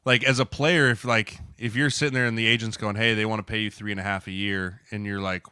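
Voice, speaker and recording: A man's voice: on the low side, fairly even intonation, fast, few pauses, sharp tone, smooth, no echo, clean studio sound. A man co-hosting a casual podcast, explaining things and checking in with "right?" as he goes.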